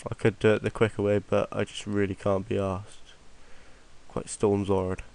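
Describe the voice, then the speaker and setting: A man's voice: lowish voice, monotone, moderate pace, gravelly, a little mellow, dry recording. A young man, rambling offhandedly through a screen-recorded game tutorial while fighting a cold. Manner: offhand, rambling, mutters to himself. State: has a cold. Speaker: tutorial maker.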